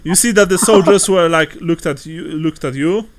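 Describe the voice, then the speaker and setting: A man narrating a tabletop game as game master, halting and full of restarts. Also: a little high, a little hiss or hum. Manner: halting, laughs often, many restarts.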